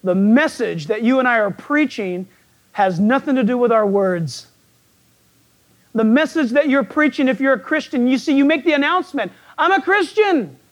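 Speaking at normal speed in a croaky, frog-like voice that's very high, an animated man preaches a folksy sermon as a pastor. He tells jokes and puts questions to his listeners.

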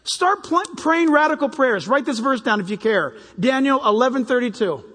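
An older man preaching a sermon to his church, animated and jokey, acting out little voices. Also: very high voice, moderate pace. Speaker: pastor. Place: church hall. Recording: reverberant hall.

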